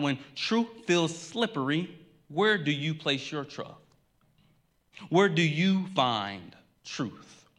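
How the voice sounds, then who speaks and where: A male pastor delivering a sermon in an earnest, emphatic way. His voice sits a little above the usual male pitch. He repeats key lines and sometimes stumbles into a quick restart. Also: fairly bright tone.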